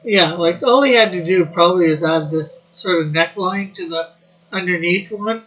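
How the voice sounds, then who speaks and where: A man from Canada chatting as a co-host, his voice high and bright. He answers briefly and agreeably, and his audio sounds dull and lo-fi. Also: normal speed. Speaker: comic artist, co-host. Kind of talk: casual chat.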